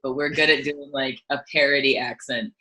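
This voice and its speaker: A woman musician chatting as an interview guest, telling stories in an animated way with frequent "like"s and restarts. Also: a bass voice, brisk, low-quality recording. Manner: animated storytelling, lots of "like" and restarts. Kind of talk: casual interview chat.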